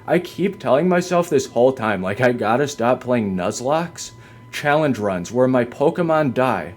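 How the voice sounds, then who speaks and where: A man's voice: medium pitch, expressive, moderate pace, slight background noise. A man streaming a video game from home, ranting defensively, swearing hard and leaning on "like" as filler. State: upset. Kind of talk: venting rant on a live stream. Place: home, by a window.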